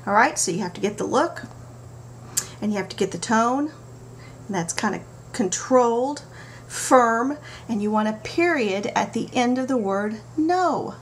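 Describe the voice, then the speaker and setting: Lively middle-aged woman vlogger. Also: a little high, a little slow. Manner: animated storytelling with playful asides. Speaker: parenting vlogger. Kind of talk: casual talk to camera. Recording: faint background noise.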